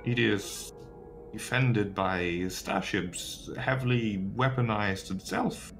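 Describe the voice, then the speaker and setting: A man voicing a calculating woman prisoner who speaks in a measured, cautious way. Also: fairly low pitch, fairly bright tone, faint music behind. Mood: guarded. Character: guarded calculating woman captive.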